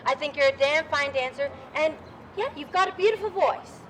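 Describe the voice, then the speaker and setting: An actress playing a calm, teasing 1920s chorus girl in live street theatre. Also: high-pitched, normal speed, a little hiss or hum. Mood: soothing. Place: outdoors on a street.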